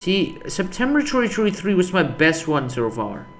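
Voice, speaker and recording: A young man talks over his screen in a loose, rambling way, restarting sentences and putting himself down. His voice sits a little high for a man. A faint hum of background noise runs under his desk mic. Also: big pitch swings, normal speed. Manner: rambling, self-deprecating, restarts a lot. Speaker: YouTuber. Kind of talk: casual screen-recorded commentary.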